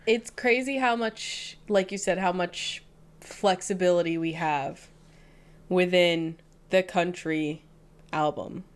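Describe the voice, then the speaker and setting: A woman's voice: lowish voice, steady tone, takes it slowly, smooth. A woman from the American South co-hosting a podcast, talking in a playful, joking, self-mocking way. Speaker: podcast co-host. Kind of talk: casual chat.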